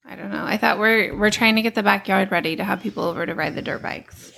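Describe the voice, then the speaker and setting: A woman's voice: medium pitch, fast talker, creaky, sharp tone. A woman in her thirties co-hosting a casual podcast chat with her husband, blunt and teasing. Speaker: podcast co-host.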